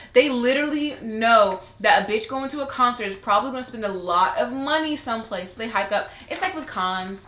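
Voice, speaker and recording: A woman's voice: mid-range voice, pushed and bright. A young woman co-hosting a casual podcast, reading a listener's letter aloud, laughing often and swearing freely. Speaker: podcast co-host. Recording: roomy echo.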